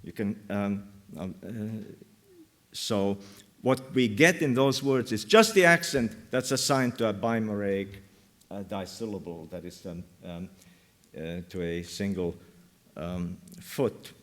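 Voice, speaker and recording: Male academic presenting at a workshop, lowish voice, pauses and fillers throughout. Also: a bit bright. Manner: hesitant, many fillers, thinking aloud. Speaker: linguistics lecturer. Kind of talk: academic conference talk. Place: university lecture room.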